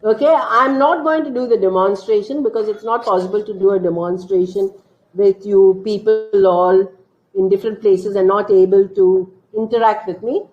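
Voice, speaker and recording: A woman teacher trainer, explaining classroom activities in a slow, deliberate way during an online training session. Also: medium pitch, steady tone. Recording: roomy, dull lo-fi online session audio.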